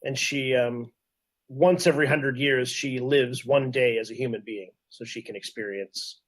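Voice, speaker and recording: A man's voice: medium pitch, fairly even intonation, moderate pace. A Canadian man co-hosting a casual podcast, explaining things in an enthusiastic, rambling way full of fillers. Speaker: podcast co-host. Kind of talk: casual chat.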